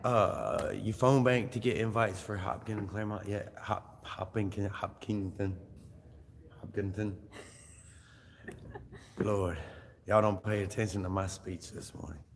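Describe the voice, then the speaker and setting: A man with a fairly low, gravelly voice speaks at a measured pace and pauses often. He's hosting a casual livestream, chatting loosely and joking with fillers and laughter. He's in a large opera house hall as a crowd gathers, so the recording has roomy reverb and crowd chatter.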